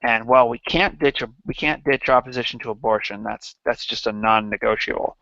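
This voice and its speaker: A man hosting a livestream in casual satirical chat, halting and rambling with many restarts. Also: mid-range voice, creaky, pushed and bright, no echo, muffled recording. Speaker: livestream host.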